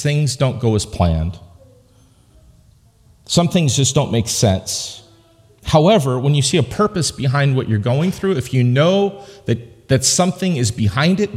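A pastor preaches a sermon in a church sanctuary, his medium-pitched voice expressive, a little slow and slightly mellow, trailing a long reverb. He keeps it conversational, joking with the congregation and hammering points home through emphatic repetition.

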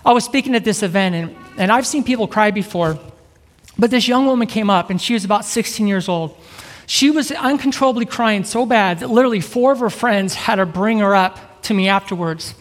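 A middle-aged man with a high voice, an evangelist giving an energetic sermon and keeping a live audience engaged. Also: brisk. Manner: upbeat, keeps asking the crowd "right?". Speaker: evangelist preacher. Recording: reverberant hall.

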